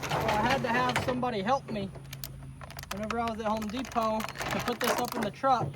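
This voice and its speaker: A man's voice: very high voice, fairly even intonation, brisk, very noisy. A young man, chatting casually to his viewers outdoors on a rural homestead, repeating himself and calling them y'all. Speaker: homestead vlogger. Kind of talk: casual vlog talk to camera. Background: insects and crickets.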